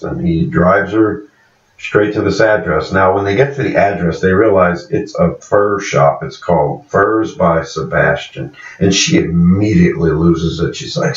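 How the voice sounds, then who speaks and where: A low-voiced man gives a loose, rambling recap of a TV episode and keeps fixing the character names as he goes. He sits some way back from the mic in an echoey room, and the recording sounds dull and muffled. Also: recorded from a distance. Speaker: show reviewer.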